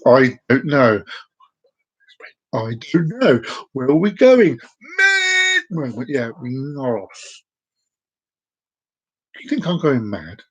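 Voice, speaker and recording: Playful, rambling man, slightly high voice. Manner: playful, sing-song, jokey, talks to himself. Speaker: vlogger. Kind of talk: rambling solo vlog.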